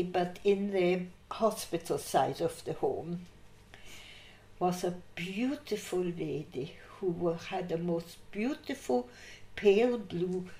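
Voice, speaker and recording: An older woman recounting her memories in an interview, telling lively anecdotes and laughing through her stories. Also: on the low side. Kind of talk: oral history storytelling. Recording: echoey room.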